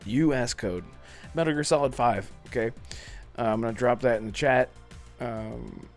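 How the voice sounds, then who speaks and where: A man's voice: medium pitch, moderate pace, soft background music. A man hosting a casual gaming podcast livestream, reading chat messages aloud and laughing often. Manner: animated, laughs often, acts out movie lines.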